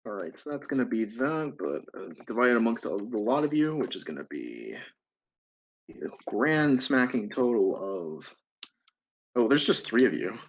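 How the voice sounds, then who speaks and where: A man running a tabletop game as game master, playful and quick to laugh. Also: mid-range voice, big pitch swings, highs cut off, slight background noise. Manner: playful, laughing, drawn-out asides.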